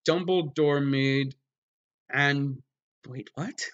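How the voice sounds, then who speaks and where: A man giving a mock-dramatic reading of a story, breaking off for wry, deadpan sarcastic asides. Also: mid-range voice, drawn-out words, lo-fi sound. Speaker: comedic reader.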